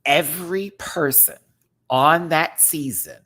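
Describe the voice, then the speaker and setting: A man reviewing a show to camera talks in a chatty, expressive rant. His voice dips to murmured asides, then jumps up into loud exclamations. Laughter keeps breaking into his talk. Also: on the high side, takes it slowly. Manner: animated, swings from hushed asides to loud exclaiming; laughs often. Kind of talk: casual commentary rant to camera.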